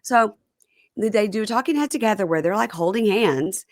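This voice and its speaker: Gravelly, lively woman podcast host. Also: mid-range voice, fairly quick, dry recording, studio quality. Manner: animated recapper who acts out the scenes. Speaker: podcast host recapping reality TV. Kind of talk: casual chat.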